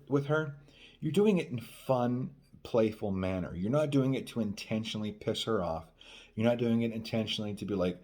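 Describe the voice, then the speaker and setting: A man's voice: fairly low pitch, darkish tone. A man working as a dating coach, talking casually into the camera and acting out quoted dialogue, often asking "right?". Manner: repeats "right?" often, acts out quoted lines. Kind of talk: casual advice monologue.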